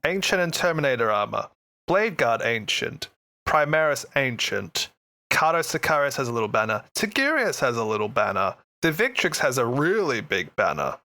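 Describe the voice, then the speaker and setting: A man co-hosting a casual hobby podcast, excitable and jokey, swearing casually. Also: mid-range voice, moderate pace. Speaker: podcast co-host.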